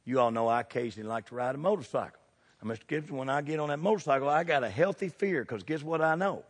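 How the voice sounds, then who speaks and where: A middle-aged man preaching a sermon, animated and throwing questions at the congregation. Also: mid-range voice, fast, big-room sound. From United States.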